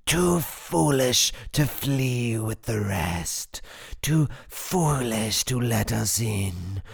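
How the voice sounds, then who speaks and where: A man voicing a faceless monster that howls its threats slowly, with stretches that drop to a menacing whisper. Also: medium pitch, lively intonation, creaky, breathy edge, no room sound, clean studio sound, voice pushed up, exaggerated voice. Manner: slow, drawn-out howling with whispered menace. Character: faceless howling monster, gleeful and cruel.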